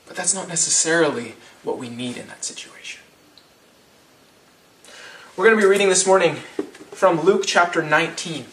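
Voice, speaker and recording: Man in his thirties, pastor giving a sermon, chatty restarting delivery, slightly high voice, roomy sanctuary sound. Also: moderate pace, long pauses, a bit bright, distant mic. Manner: conversational, with frequent restarts and rhetorical "right?".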